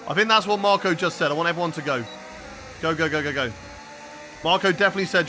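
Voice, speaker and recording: A man's voice: high-pitched, lively intonation, quick pace, bright, forceful tone. A young man streaming a racing game live, chatting to his viewers as he drives, with faint game engine sounds behind him. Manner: chatty, talks to chat while racing. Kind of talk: live gameplay commentary.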